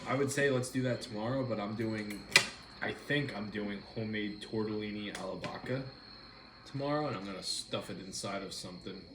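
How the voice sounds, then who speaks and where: A man with a fairly low voice talks a little fast while hosting a casual dinner live stream from home. He rambles easily and greets viewers by name as he eats. The sound is roomy, with clear background noise.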